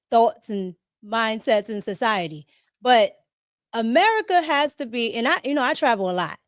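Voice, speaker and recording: A woman with a DC-area accent, hosting a casual, animated commentary livestream and talking to her chat. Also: fairly high pitch, dry recording, clean studio sound. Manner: animated, laughing, talks to chat. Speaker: host.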